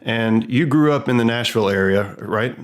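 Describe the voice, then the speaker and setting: A man's voice: mid-range voice, normal speed. A man from Tennessee hosting a podcast, talking in an earnest, conversational way. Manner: earnest, conversational, with small restarts. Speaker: podcast host. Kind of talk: casual interview.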